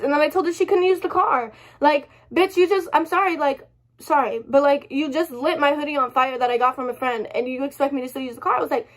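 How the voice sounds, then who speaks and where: A woman's voice: high voice, fairly quick. A young woman telling a story to her camera, rambling, swearing a lot and apologizing often, upset and close to tears. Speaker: vlogger. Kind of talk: emotional storytime rant.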